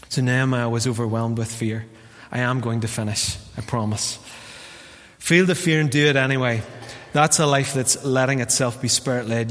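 A man with a Northern Irish accent preaching a lively, jokey sermon as pastor, acting out the quotes he tells. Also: mid-range voice. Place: church hall. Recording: long hall reverb.

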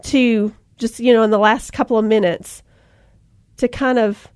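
A woman's voice: a little high, fairly even intonation, unhurried, no room sound, studio quality. A woman hosting a faith-based podcast, chatting and speaking encouragement with emotion. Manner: warm, emotional, preaching encouragement. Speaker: podcast host.

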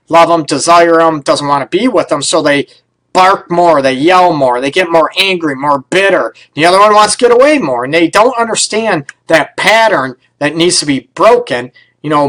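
Middle-aged male counselor-host, slightly high voice, loose and blunt, keeps asking "right?". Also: fairly bright tone. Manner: conversational, frequent "right?" and "you know", blunt. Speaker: relationship counselor and radio show host. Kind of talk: casual advice talk.

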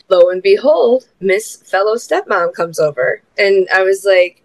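A woman hosting a podcast, telling a casual story with lots of swearing and acted-out quotes in sudden high voices. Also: normal speed, few pauses, no echo. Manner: animated, swearing, acts out quotes with big pitch jumps. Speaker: podcast host.

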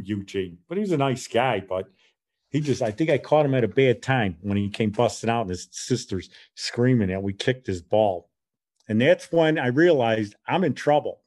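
Middle-aged man, casual animated storyteller, dry close recording. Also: medium pitch, no echo. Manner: animated, acts out quoted voices.

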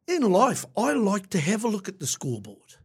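Husky New Zealand man telling stories. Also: high-pitched, wildly swooping pitch, normal speed. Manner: reflective storyteller, many restarts, eh tags. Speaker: podcast co-host. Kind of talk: casual chat.

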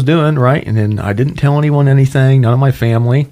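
A man's voice: medium pitch, brisk, mellow. A young man from Ohio, a Marine guest telling his story casually, full of "you know" and "right.". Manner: chatty, many fillers like "you know, right".

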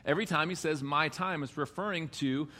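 Bright-voiced joking pastor preaching. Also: male voice, a little high, fairly quick. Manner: conversational, joking preacher acting out quotes. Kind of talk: sermon.

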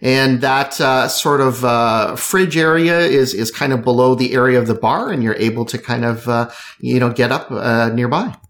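A man's voice: medium pitch, moderate pace, a bit bright. A man narrating as game master, rambling with many fillers.

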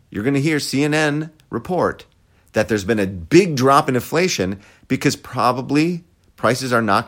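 A man hosting a podcast, giving sarcastic, profane commentary. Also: medium pitch. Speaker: podcast host. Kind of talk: opinionated commentary.

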